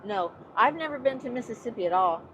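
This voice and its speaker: A woman's voice: on the high side, expressive, quick pace, lo-fi sound, noisy background. A woman co-hosting a casual live stream from a moving car, reading viewers' comments aloud and answering them. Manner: reads out chat messages and replies warmly.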